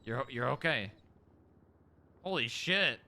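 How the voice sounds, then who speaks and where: A man streaming in-character role-play, coaxing and reassuring as he talks gently to a dog and a hurt friend. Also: medium pitch, expressive, slow pace, slight background noise.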